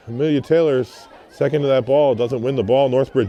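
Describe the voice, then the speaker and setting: A man's voice: medium pitch, moderate pace, mellow, highs cut off, some chatter behind, a little hiss or hum. A man calling play-by-play on a local soccer game, chatty, breaking off to coach and explain. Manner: conversational, with coaching asides. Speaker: play-by-play commentator. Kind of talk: local sports commentary. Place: high up above a field, outdoors.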